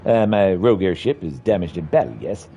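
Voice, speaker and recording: A man voicing a talkative, eager male airship engineer from a game, with brisk, enthusiastic delivery. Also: low-pitched, expressive, mellow, dull audio, a little hiss or hum. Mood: confident. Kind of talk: reading game dialogue aloud.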